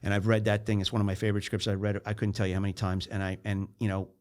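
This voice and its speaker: Man, podcast host, low voice, emphatic, fervent, casual chat. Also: flat delivery, racing, a little mellow, clear, resonant tone. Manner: emphatic and fervent, frequent fillers and restarts.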